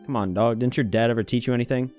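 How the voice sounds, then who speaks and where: A man's voice: mid-range voice, steady tone, very fast, a little mellow. Guy teasing his friends at the table, mid voice, faint music. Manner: teasing, banter. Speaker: player. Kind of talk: casual tabletop game chat.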